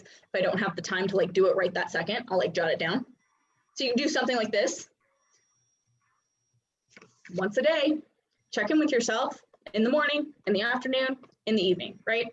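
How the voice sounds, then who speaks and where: A woman in her thirties coaching a live online class, chatty and animated, with many fillers. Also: mid-range voice, fast talker, slight background noise. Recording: dull lo-fi sound.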